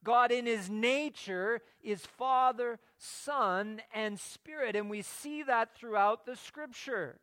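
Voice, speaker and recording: Man, sermon, dry close sound, unhurried, earnest teaching tone. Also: extremely high pitch, fairly bright tone, clean tone, dry recording. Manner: earnest teaching, repeats words when starting phrases. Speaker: pastor.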